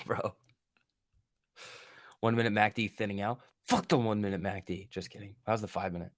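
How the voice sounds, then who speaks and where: A man's voice: lowish voice, steady tone, normal speed, pauses often, no echo, studio quality. A man hosting a live day-trading stream, giving casual, profane, joking commentary and bantering with his chat. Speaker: day trading livestream host.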